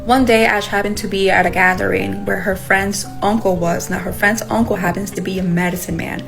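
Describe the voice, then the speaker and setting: A woman's voice: mid-range voice, fairly even intonation, brisk, creaky, soft background music, poor audio. A woman retelling someone else's ghost story in a chatty storytime way, closing with her usual catchphrase. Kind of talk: casual storytime.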